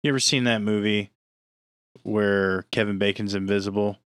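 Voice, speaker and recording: A man's voice: lowish voice, fairly even intonation, moderate pace, clear, resonant tone, no echo, clean studio sound. A young man co-hosting a casual podcast, blunt and crude in his jokes. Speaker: podcast co-host.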